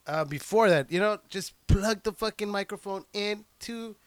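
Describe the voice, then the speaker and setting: High-voiced, cursing, rambling podcast guy. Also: moderate pace, no echo. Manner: profane, excitable, rambling with many restarts. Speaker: podcast host and stand-up comic. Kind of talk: casual rambling podcast chat. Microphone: handheld microphone plugged into a computer.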